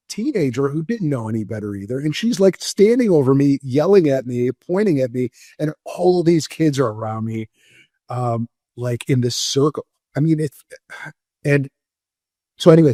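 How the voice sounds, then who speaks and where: A man's voice: mid-range voice, a little mellow, no room sound. Candid middle-aged man, dry close sound. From Moldova. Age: 40s. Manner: candid, halting, many fillers and restarts. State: near tears. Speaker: podcast guest. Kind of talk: emotional personal storytelling.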